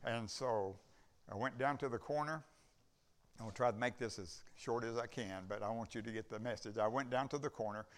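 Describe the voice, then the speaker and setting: A little fast and mid-range in pitch, this older man is a guest preacher sharing a folksy testimony at church. His storytelling rambles, and he acts out the dialogue along the way.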